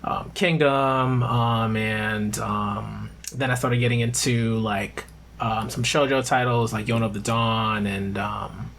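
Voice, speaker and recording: A man's voice: lowish voice, steady tone, slow, gravelly, a bit bright, a little hiss or hum. A man guest on a podcast, talking casually about his channel in a rambling, hesitant way with many fillers. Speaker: guest, YouTuber. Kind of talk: casual interview talk.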